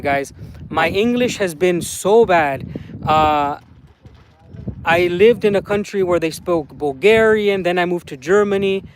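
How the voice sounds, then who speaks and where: A man chatting casually on a live stream outdoors in a garden, rambling with many fillers and greeting viewers. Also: fairly high pitch.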